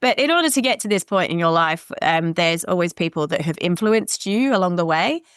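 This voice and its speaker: A woman's voice: fairly low pitch, expressive, a little fast, clean tone, dry recording, clean studio sound. A woman hosting a podcast interview. She asks questions in a friendly, encouraging way with light teasing. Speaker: podcast host. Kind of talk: casual interview chat.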